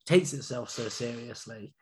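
A man's voice: mid-range voice, unhurried. A man casually recapping a film, hedging with lots of fillers. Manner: hedging, easygoing, many fillers. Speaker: podcast co-host.

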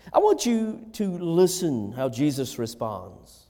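High lively preaching man. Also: slow, long reverb tail. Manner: impassioned preaching, rising and falling. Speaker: pastor. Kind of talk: sermon.

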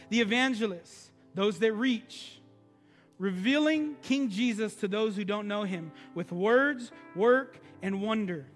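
Male pastor, very high voice, chatty storytelling sermon, faint music, long hall echo. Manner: conversational storytelling preaching, animated.

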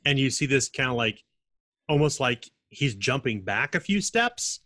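A man's voice: medium pitch, pushed and bright, no echo. A man narrating a tabletop game as game master, describing scenes at length with frequent fillers and restarts. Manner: descriptive, halting with many fillers.

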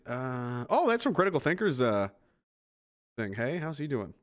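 A man's voice: medium pitch, big pitch swings, normal speed. A man from East Coast Canada hosting a livestream, reading out chat comments in a blunt, profane, rambling way.

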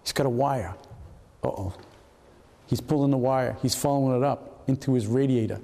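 An older man tells stories to an audience, his voice mellow and dark. He is animated and slips into the voices of the people he describes. The sound carries the long reverb of a hall. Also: medium pitch, normal speed. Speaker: retired FBI agent telling stories. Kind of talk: anecdotal storytelling to an audience. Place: hall at a historical society talk.

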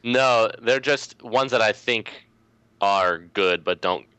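Deep-voiced eager podcast guest man. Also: slow pace, clean tone, no room sound. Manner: eager, rambling, animated when excited. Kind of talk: casual podcast chat.

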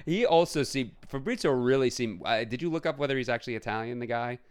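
A man co-hosting a casual film review podcast, talking bluntly and with lots of profanity, acting out scenes with quick put-on voices. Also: medium pitch, expressive, clean tone. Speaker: podcast co-host.

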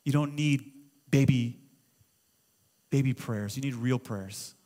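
A middle-aged man preaching a sermon as pastor, impassioned and conversational, at times shouting. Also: medium pitch, slow. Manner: impassioned preaching, swings to shouting when quoting prayers.

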